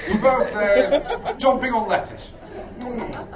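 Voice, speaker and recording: A man doing a rambling, sweary, self-mocking stand-up set on a theatre stage, with bursts of shrill shouted impressions. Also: expressive, slow pace, a crowd in the background. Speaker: stand-up comedian. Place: theatre stage with a laughing audience. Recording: echoey live room, distant, audience noise.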